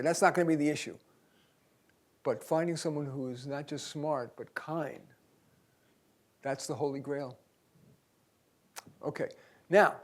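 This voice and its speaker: Older guy coaching a room full of grad students, kinda high voice, punchy and chatty. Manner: emphatic, conversational, swings from soft to loud. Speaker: career coach leading a seminar. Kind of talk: lively seminar talk. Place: university auditorium.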